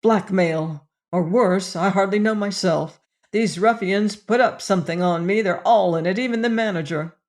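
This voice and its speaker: A man's voice: sits high, moderate pace, natural voice. A man doing a roaring, furious old steel magnate. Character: enraged older male steel magnate, blustering.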